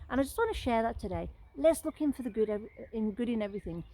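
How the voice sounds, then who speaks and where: A woman's voice: on the high side, animated, fast talker, warm tone, a little hiss or hum, low-quality recording. A middle-aged woman sharing a Christian testimony in a casual live stream, earnest and rambling, often restarting her sentences. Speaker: Christian vlogger sharing encouragement.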